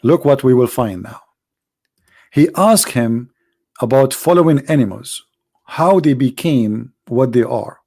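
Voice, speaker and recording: Gravelly man with an Arabic accent. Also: medium pitch, a little mellow. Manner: halting, restarts and searches for words. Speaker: live stream host. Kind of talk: live stream, reading and translating a text aloud.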